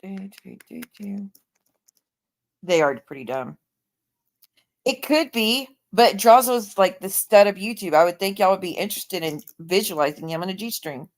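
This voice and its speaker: Woman, livestreamer, casual chat, blunt, swears freely, sarcastic, mid-pitched voice. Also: expressive, normal speed.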